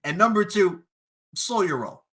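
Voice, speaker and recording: A man on a podcast, in no hurry and with lively intonation, performs a fantasy wrestling promo. His taunting, cocky delivery shifts between low, menacing tones and loud brags.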